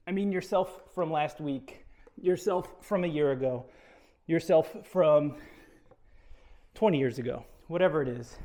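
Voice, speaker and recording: Talking through a home workout, this fitness instructor has a slightly high voice with a dark tone. He stays chatty and encouraging, pokes fun at himself and sounds a bit winded.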